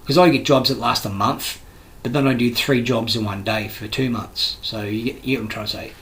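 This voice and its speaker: A man's voice: medium pitch, steady tone, fairly quick, fairly bright tone, low-quality recording. A man with an Australian accent, a construction worker delivering a rambling, heated, profane monologue full of restarts. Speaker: construction worker giving his views.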